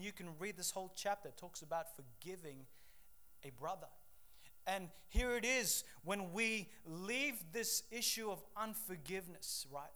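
A male preacher from Papua New Guinea delivering a sermon, reading scripture and telling lively stories with sudden swings in loudness. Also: sits high. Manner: animated storytelling with shifting loudness, acts out voices.

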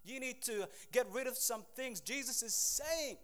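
A man with a high, light voice preaches a lively sermon. He shifts between calm teaching and fired-up exhortation, tossing out asides to his listeners. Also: unhurried, few pauses. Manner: energetic preaching with call-and-response asides. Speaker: pastor.

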